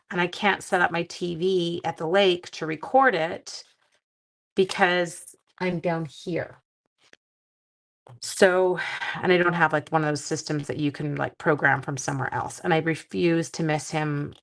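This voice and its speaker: A middle-aged Canadian woman with a fairly low, creaky voice hosts a crafting live stream. She makes cards while chatting casually with viewers and reading out their comments.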